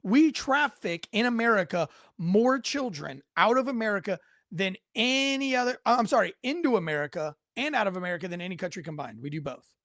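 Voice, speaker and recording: A man's voice: sits high, expressive, fairly quick, a bit bright, no room sound, clean studio sound. A man hosting a casual news commentary show from home, rambling with sarcastic asides and frequent self-corrections.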